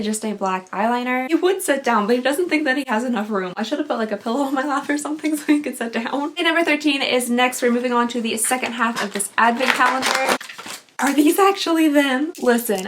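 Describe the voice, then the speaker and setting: A woman's voice: a little high, slight background noise. A woman in her thirties, originally from Kentucky, chatting casually through a beauty unboxing, self-deprecating and laughing often. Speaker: beauty vlogger.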